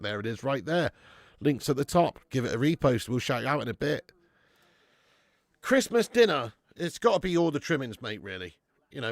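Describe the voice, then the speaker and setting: Guy on a live stream, gravelly voice, bounces around a lot, swears and says mate a lot, dry mic. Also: mid-range voice, no echo. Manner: swears freely, laughs often, calls viewers mate. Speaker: watch-along host reading live chat. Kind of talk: casual live-stream chat.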